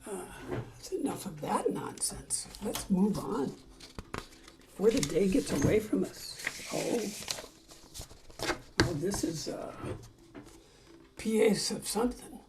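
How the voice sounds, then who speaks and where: Slow-talking woman teaching ukulele chords. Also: mid-range voice, lively intonation, background noise. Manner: chatty, sings along while calling out chords. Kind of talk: casual music lesson with singing.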